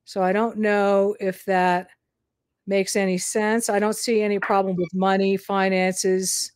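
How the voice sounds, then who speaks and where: A woman offers a psychic reading in a slow, halting way, filling her pauses with soft "ums." Her voice is recorded close and dry, with no room sound. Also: mid-range voice, little pitch movement, smooth, no room sound. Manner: hesitant, many fillers. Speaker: psychic reader. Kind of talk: live-stream psychic reading.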